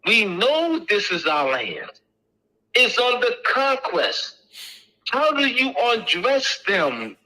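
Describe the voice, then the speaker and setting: A man's voice: sits high, wildly swooping pitch, slow pace, pushed and bright, low-quality recording. A middle-aged man giving an informal lecture to an audience, emphatic and repetitive as he drills each point home.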